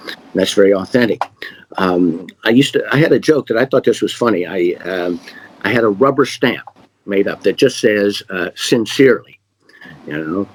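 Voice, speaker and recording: A middle-aged man, a magician, answering questions in a relaxed, rambling way with many fillers and restarts. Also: on the low side, moderate pace, slightly rough, poor audio. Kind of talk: casual conversational Q&A.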